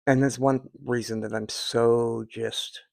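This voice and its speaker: A man's voice: mid-range voice, little pitch movement, takes it slowly, creaky, no echo. A man in his fifties talking to his viewers in a rambling, heartfelt way, with many fillers and restarts. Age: 50s. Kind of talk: casual personal talk to viewers.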